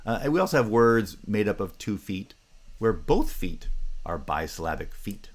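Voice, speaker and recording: Deep-voiced man giving a measured lecture. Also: very animated. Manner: careful, repeats example words slowly with many "uh" fillers. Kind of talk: university phonetics lecture.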